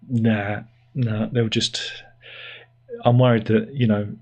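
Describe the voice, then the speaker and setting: A man's voice: lowish voice, flat delivery, slow pace. An English man hosting a casual livestream, rambling and self-mocking as he chats, now and then putting on silly voices. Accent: British (England). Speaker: livestream host. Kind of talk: casual chat.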